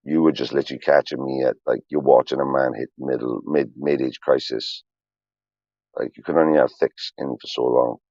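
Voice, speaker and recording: Very deep gravelly man. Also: fairly even intonation, normal speed, darkish tone, no echo, highs cut off. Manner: profane, emotional and confessional. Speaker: streamer. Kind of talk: rambling livestream talk.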